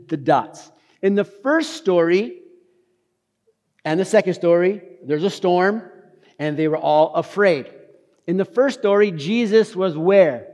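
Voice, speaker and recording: A man preaching a casual, animated sermon, talking fast and tossing in slang. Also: high-pitched, long reverb tail. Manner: talks fast. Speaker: pastor. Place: church hall.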